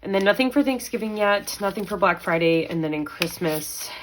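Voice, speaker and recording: A woman's voice: mid-range voice, expressive, a little fast, slight background noise, rough recording. A young woman, chatting casually as she counts out budget money in a vlog. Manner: chatty, counting aloud, mild self-talk. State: pregnant. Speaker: budgeting vlogger. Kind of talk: casual chat while counting cash.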